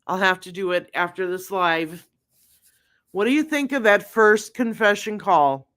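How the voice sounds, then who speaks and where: Slow-talking woman hosting a true crime livestream. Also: medium pitch, fairly bright tone. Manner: unhurried, chatty, addresses viewers as guys. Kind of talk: live-stream trial recap.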